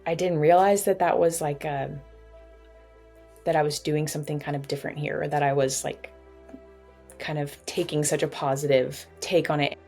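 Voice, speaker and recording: A young woman with a notably low voice speaks candidly in an interview. She talks in an open, reflective way and sometimes lightens things with a laugh. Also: fairly even intonation, normal speed, dark tone, soft background music. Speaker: patient sharing her story.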